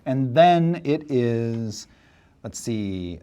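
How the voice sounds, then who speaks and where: A man serving as dungeon master, narrating a tabletop game in a relaxed, chuckling way with many fillers. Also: medium pitch, very slow.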